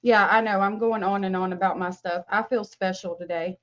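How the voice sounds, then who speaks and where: A woman's voice: medium pitch, steady tone, a little fast, lo-fi sound. A woman hosting a livestream, chatting casually and gushing as she greets viewers by name. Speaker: livestream host. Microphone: webcam mic.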